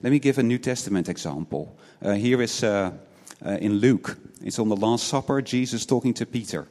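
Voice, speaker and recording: An earnest preacher with an expressive, slightly mellow mid-range voice speaks fairly quickly. Restarts show up as repeated words, and he keeps tagging his points with rhetorical questions like "right?", all echoing in a long hall reverb.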